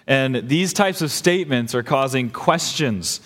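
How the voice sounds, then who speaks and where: A man's voice: medium pitch, lively intonation, a little slow, a bit bright. A young adult man preaching a sermon as pastor, earnest and emphatic, building in intensity. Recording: long hall reverb.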